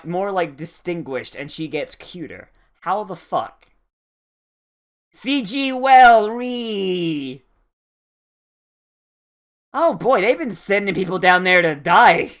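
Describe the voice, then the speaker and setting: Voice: medium pitch, expressive, slow, fairly bright tone. An anime reaction vlogger giving casual commentary, full of swearing, laughter and sarcastic asides.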